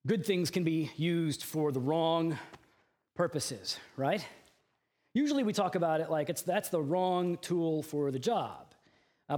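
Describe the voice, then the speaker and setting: A male pastor preaching a sermon in a fairly high voice. He tells a personal story in a loose, conversational way, with chatty asides and filler words. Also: darkish tone.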